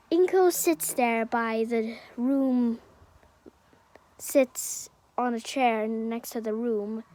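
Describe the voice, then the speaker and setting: A woman's voice: fairly high pitch, no room sound. A woman improvising a fan-fiction story aloud, hesitant and full of fillers and self-corrections.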